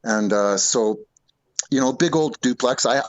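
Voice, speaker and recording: A man's voice: medium pitch, measured pace, no echo, highs cut off. A middle-aged man telling a ghost story in a loose, rambling way, full of restarts and asides. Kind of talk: casual storytelling.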